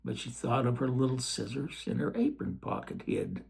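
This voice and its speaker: Slow, gravelly male storyteller. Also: medium pitch, wildly swooping pitch. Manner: gentle, with chatty asides to the listener. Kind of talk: storybook read-aloud.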